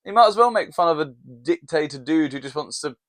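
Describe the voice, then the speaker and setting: A man's voice: on the high side, animated, fairly quick, a bit bright, no room sound. A man co-hosting a podcast, talking in an enthusiastic, rambling, casual way. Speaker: podcast co-host. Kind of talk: casual chat.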